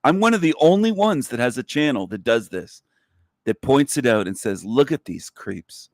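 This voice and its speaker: A man hosting a livestream, delivering an angry, profane, repetitive rant whose pitch climbs sharply as he gets worked up. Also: sing-song, moderate pace, no echo, studio quality. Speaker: livestream host. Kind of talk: ranting livestream monologue.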